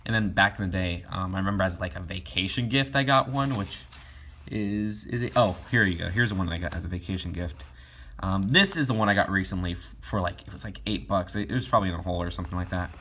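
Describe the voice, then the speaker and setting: Young male vlogger, low voice, loose filler-heavy delivery. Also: fast, pushed and bright. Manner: rambling, many fillers and restarts. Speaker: toy collector vlogger. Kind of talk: casual catalog review.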